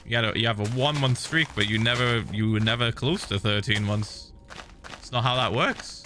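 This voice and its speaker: A man's voice: medium pitch, moderate pace. A British man streaming a game, humming little tunes while he plays and swearing freely as he chats. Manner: hums and scats while playing, swears freely. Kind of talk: casual gaming stream chat. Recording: background music under voice. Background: game music.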